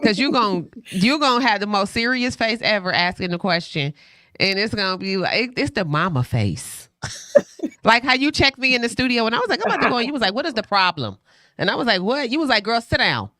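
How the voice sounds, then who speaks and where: A woman hosting a radio show, chatting casually, telling animated stories and laughing often. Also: fairly high pitch, quick pace, dry recording, studio quality. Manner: animated storyteller who acts out quoted voices; laughs often while talking. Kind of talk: casual radio interview chat. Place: radio studio.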